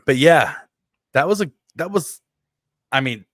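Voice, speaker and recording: A man's voice: a little high, expressive, measured pace, a bit bright, dry recording, studio quality. A man co-hosting a podcast in casual chat, joking around with playful exaggeration. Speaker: podcast co-host.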